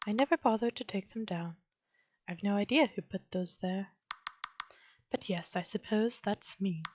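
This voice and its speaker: A woman's voice: mid-range voice, measured pace, a little hiss or hum, close to an everyday voice. A woman doing a sweet, lonely witch. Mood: soothing. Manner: soft, sweet, coaxing. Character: gentle lonely female witch, motherly and unsettling.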